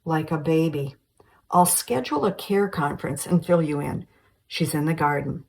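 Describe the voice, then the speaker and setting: A woman's voice: sits low, normal speed, creaky, recorded from a distance. A woman voicing a mature woman caregiver giving a plain, reassuring report in a screenplay reading.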